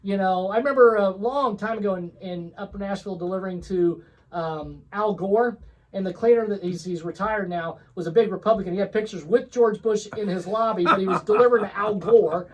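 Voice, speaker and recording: A man's voice: high-pitched, fairly quick, poor audio. Rambling man trading field stories. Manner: rambling, many fillers and restarts. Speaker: co-host. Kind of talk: casual storytelling chat.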